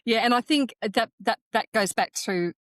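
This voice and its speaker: A woman's voice: a little high, moderate pace, a bit bright, no room sound. A woman, co-hosting a podcast in casual, reflective chat, explaining ideas step by step. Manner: reflective, explains in steps, many restarts. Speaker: podcast co-host.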